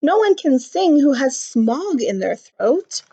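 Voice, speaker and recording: A woman's voice: sits high, very animated, slow pace, dark tone, heavily acted. A woman voicing a grumpy little male forest creature, scolding in a raised, cross voice. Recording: slightly muffled recording.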